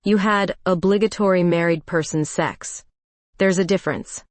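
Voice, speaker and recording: A woman's voice: on the low side, moderate pace, dry recording, close to an everyday voice. A woman voicing a blunt, teasing female best friend in her late thirties in a storybook dialogue, talking in a bossy, pushy way.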